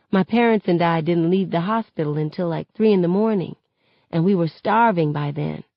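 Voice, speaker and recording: Woman reader, steady first-person narration, lo-fi and close-sounding. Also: lowish voice, dry recording. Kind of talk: reading a novel aloud. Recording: dull lo-fi, dry sound.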